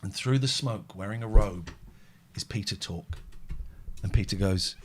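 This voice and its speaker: A man hosting a phone-in show in casual chat, rambling and excitable, swinging between loud outbursts and quiet musing. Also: fairly low pitch, unhurried, long pauses, husky.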